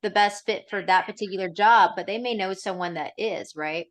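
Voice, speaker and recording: A woman's voice: mid-range voice, normal speed. A woman guest on a podcast chatting casually on a group call, often adding "you know" and "right?". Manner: friendly, says "right?" and "you know" a lot. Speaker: podcast guest, real estate investor.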